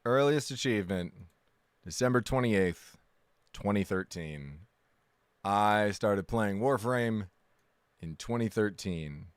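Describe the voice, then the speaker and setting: A man's voice: lowish voice, lively intonation, takes it slowly, pauses often, smooth, no echo. A man chatting casually on a live game stream, rambling and correcting himself as he goes, joking and poking fun at himself. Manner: rambling and self-correcting, with frequent restarts; jokey, self-deprecating and exaggerating.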